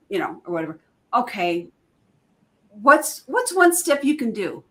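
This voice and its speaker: A woman's voice: sits high, big pitch swings, normal speed, a bit bright. A woman who is a guest in a casual chat, explaining her ideas with enthusiasm. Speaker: guest, oracle card creator.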